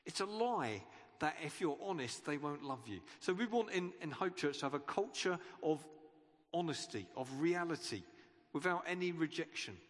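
A man preaches in an earnest, conversational way, his voice sitting a little high. He often stumbles and restarts a phrase. A long church-hall reverb trails after every word. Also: animated, moderate pace. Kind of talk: sermon.

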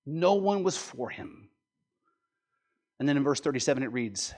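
A man's voice: medium pitch, lively intonation, moderate pace, pauses often, darkish tone. A man preaching a sermon in an earnest, explanatory way, often asking "right?" and building to strong emphasis. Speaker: pastor.

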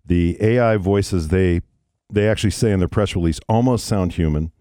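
Low-voiced wry radio host man. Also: moderate pace, dark tone, dry recording, clean studio sound. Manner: wry, conversational storytelling. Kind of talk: morning radio banter. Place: radio studio.

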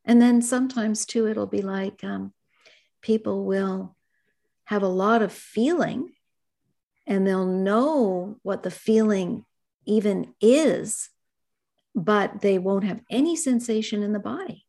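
A middle-aged woman speaks gently and reflectively as a therapist guest in an interview. Her voice has a gravelly, fry-tinged texture at an ordinary pitch. She talks in soft, thoughtful asides. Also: takes it slowly. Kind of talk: conversational interview.

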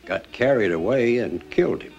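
An actor playing a grim, suspicious male investigator in a film, with a slow, ominous delivery. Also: medium pitch, lively intonation, vocal fry, dull audio. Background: guitar music.

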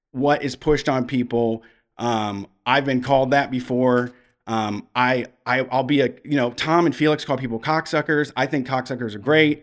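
A man telling long personal stories on a podcast, frank and profane, rambling with restarts. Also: medium pitch. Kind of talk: casual storytelling.

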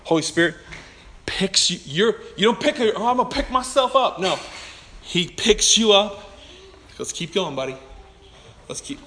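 A man voicing a gentle Christ who softly comforts and encourages a stumbling believer, speaking in a hush. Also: high voice, lively intonation, moderate pace, long pauses. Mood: tender. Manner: hushed and soft.

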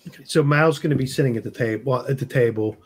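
Husky-voiced man at a tabletop game. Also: mid-range voice, very fast. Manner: hesitant, rambling. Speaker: player.

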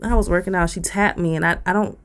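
A woman's voice: lowish voice, fairly even intonation, fast talker, clear, resonant tone. A woman, co-hosting a podcast and ranting bluntly with profanity. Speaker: podcast co-host. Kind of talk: casual rant on a podcast.

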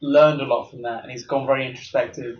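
A man's voice: mid-range voice, level tone, fast talker. Young man telling a rambling story. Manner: rambling storytelling with fillers and laughter. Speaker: podcast co-host. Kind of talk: casual chat. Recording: echoey room, dull sound with faint noise.

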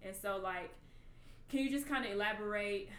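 Woman host asking gentle faith questions, echoey room, slight background hiss. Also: medium pitch, moderate pace. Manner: affirming, encouraging interviewer. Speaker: podcast host. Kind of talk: casual faith conversation. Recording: echoey room, faint noise.

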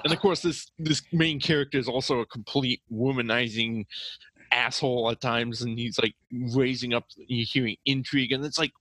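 A man's voice: mid-range voice, fairly even intonation, brisk, a bit bright, no room sound, low-quality recording. A man chatting casually on a podcast, hesitant with many ums and uhs. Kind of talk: casual chat.

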